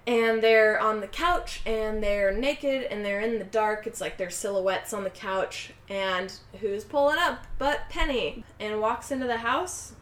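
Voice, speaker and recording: Chatting casually on a podcast, a woman walks through a movie scene by scene, putting on quick voices for the characters she quotes. She speaks at a middle pitch for a woman in a noticeably echoey space.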